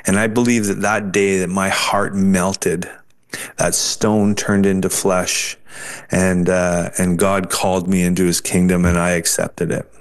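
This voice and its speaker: A male guest recounting a personal turning point with sincere feeling. He speaks in a fairly low voice, pausing and restarting as he goes. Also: level tone. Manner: earnest, halting, with restarts. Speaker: interview guest. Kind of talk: personal testimony storytelling.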